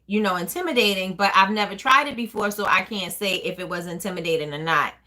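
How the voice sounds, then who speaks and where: A woman's voice: mid-range voice, bright, forceful tone. A woman hosting a casual live stream, chatting and answering viewer comments as they come in. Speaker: small business owner hosting a live stream.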